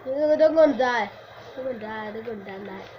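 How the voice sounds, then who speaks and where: A young woman doing let's play commentary, excitable and talking to herself with sudden shrieks. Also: on the high side, brisk. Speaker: gamer. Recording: slightly dull lo-fi recording.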